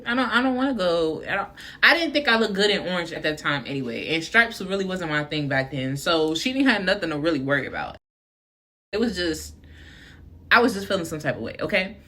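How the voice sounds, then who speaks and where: A young woman tells a story to her viewers in a casual, chatty way, leaning on fillers and speaking to them as y'all. Her voice sits a little low but sounds bright and sharp. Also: lively intonation, brisk. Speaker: vlogger.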